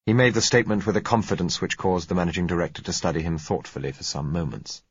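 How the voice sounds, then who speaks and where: A man reading a story aloud in a dry, even narrating manner. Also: extremely low pitch, fairly quick, slightly rough, no room sound. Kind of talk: scripted narration. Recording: dull, dry lo-fi recording.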